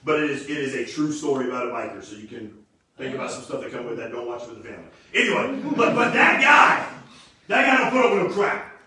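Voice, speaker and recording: A man preaching a casual, energetic sermon, slangy and animated, often repeating words as he restarts. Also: mid-range voice, fast talker, a faint crowd. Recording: very echoey room, distant mic.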